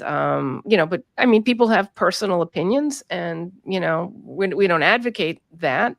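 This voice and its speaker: A woman's voice: lowish voice, vocal fry, no echo, studio quality. A woman co-host of a talk show, speaking carefully and disclaiming in casual chat.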